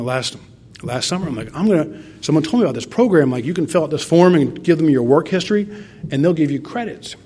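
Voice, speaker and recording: A man's voice: medium pitch, darkish tone. A middle-aged man from Tennessee giving an earnest, rambling personal testimony at a recovery meeting, acting out quoted dialogue as he goes.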